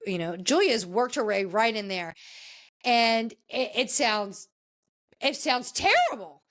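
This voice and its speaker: A woman hosting a podcast, recapping a reality show in casual, gossipy chat with animated, jumpy delivery. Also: takes it slowly. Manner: animated, gossipy retelling with sudden pitch jumps. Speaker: podcast host.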